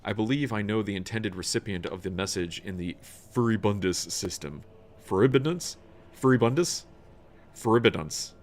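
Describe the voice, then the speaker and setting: A man reading aloud the cryptic lines of a solemn male tech-priest from a video game, in a slow recitation. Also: fairly low pitch, lightly acted.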